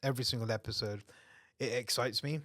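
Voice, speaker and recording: A man's voice: mid-range voice, fairly even intonation, a bit bright, dry recording, clean studio sound. A man co-hosting a podcast in casual chat, upbeat and agreeable, chiming in often. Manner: upbeat, agreeable, chimes in with quick backing words. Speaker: podcast co-host.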